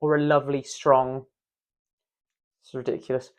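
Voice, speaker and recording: Male voice coach, playful and demonstrative, mid-range pitch. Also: little pitch movement, moderate pace, clear, resonant tone. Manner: playful, demonstrative, self-mocking asides. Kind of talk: instructional video.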